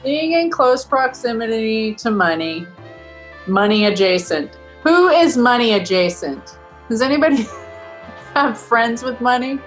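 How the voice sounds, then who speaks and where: A woman hosting a storytelling show, bantering with the audience in a slow, teasing way. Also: on the high side, expressive, soft background music. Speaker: host.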